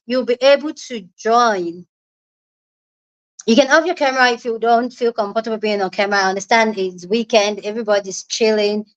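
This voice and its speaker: A woman's voice: on the high side, moderate pace, lo-fi sound. A young woman with a Nigerian accent hosting a casual livestream chat from home, bubbly and laughing often as she greets viewers. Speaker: livestream host.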